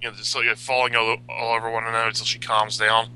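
A man in a casual fan chat, making joking quick asides. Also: mid-range voice, level tone, pushed and bright, a little hiss or hum, low-quality recording.

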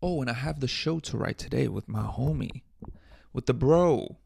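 Gravelly man rambling on a podcast. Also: mid-range voice, lively intonation, moderate pace, a little mellow. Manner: rambling, joking, frequent swearing and self-talk. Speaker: podcast host. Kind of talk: solo casual podcast rambling.

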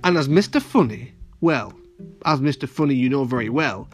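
A man's voice: mid-range voice, normal speed, soft background music. A man reading a children's audio story aloud, playful and talking to the kids directly. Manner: animated, playful, addresses children.

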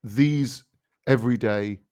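A British man co-hosting a podcast, rambling through jokes in a playful, deadpan way. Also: medium pitch, slow pace, no room sound, studio quality. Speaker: podcast co-host. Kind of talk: casual comedic chat.

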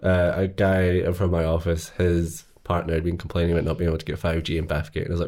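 A man's voice: low voice, brisk, darkish tone. A man co-hosting a podcast, chatting casually with dry, wry jokes and chuckles. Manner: dry, wry jokes, laughs at own lines. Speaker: podcast co-host. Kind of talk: casual chat about films.

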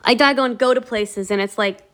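At a moderate pace and a somewhat high pitch, a woman hosts a motivational video series. She talks casually and encouragingly into the camera, telling animated stories loaded with fillers.

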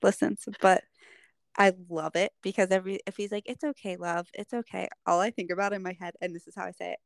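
Gravelly woman in a dry close recording. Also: mid-range voice, fast, dry recording. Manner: animated storyteller, lots of "like". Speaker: podcast co-host. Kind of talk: casual chat.

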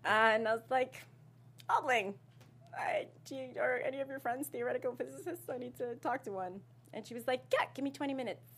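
A woman's voice: high voice, expressive, a little fast, a bit bright, breathy edge. A young woman from South Africa with a light South African twang in her North American speech, chatting as an interview guest and laughing often. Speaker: actress guest. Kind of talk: casual interview.

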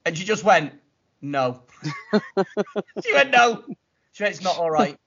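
Man, storytelling, mocking and animated, slightly high voice, muffled lo-fi sound. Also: unhurried. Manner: animated, mocking retelling with acted-out quotes. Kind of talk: casual storytelling. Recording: lo-fi muffled audio.

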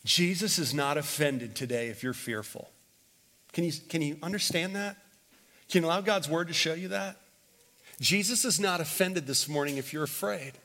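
A man preaching from the pulpit in a high, bright voice that lingers in the long reverb of a church sanctuary. He drives his points home by repeating them, swinging between loud declarations and hushed stretches. He has the congregation repeat lines back to him. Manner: repeats phrases and leads the congregation in call-and-response. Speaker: pastor. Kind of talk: sermon.

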